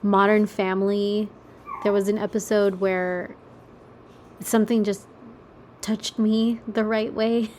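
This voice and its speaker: A woman's voice: mid-range voice, little pitch movement, takes it slowly, long pauses, darkish tone, a little hiss or hum. A young adult woman hosting a casual solo podcast from her kitchen table, chatty and rambling, swearing casually and laughing at herself. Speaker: podcast host.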